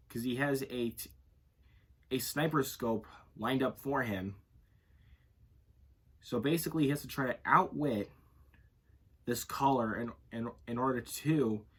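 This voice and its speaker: Husky-voiced man rambling through a review. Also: medium pitch. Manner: rambling, self-correcting, leans on filler phrases. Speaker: movie reviewer. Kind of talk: casual unscripted movie review.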